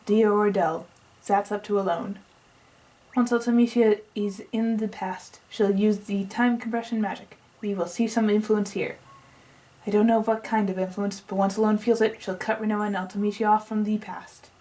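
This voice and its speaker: A woman's voice: mid-range voice, fairly even intonation, moderate pace, warm tone, close to an everyday voice, low-quality recording. A woman reading out the lines of a pompous, eccentric male scientist as he lays out a long plan, with a half-tried put-on accent she keeps dropping. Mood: lecturing. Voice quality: tries a put-on accent and drops it. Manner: reads long exposition aloud. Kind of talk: reading game dialogue aloud.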